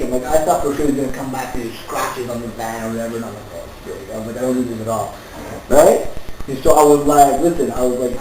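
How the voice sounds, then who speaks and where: A man's voice: a little high, darkish tone. A man casually telling an anecdote to friends, swearing and acting out both sides of an argument. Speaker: storyteller among friends. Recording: very echoey room with faint ambient noise.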